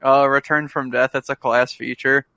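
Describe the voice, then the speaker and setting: A man speaking as a player in a tabletop game, with deadpan quips. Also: mid-range voice, normal speed, a little hiss or hum. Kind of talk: casual tabletop play chat.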